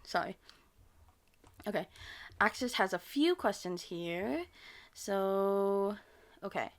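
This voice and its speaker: An ASMR creator from the United States speaks slowly in an animated, mid-range voice. Her American accent carries a slight Filipino touch from her parents, and she has a lisp. She answers viewer questions casually, rambling and hesitating with many ums and self-corrections.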